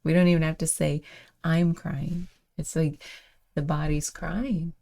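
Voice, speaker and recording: A woman hosting a daily reflection show, thinking aloud in a casual, meandering way with many fillers and soft laughs. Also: low-pitched, little pitch movement, unhurried, gravelly.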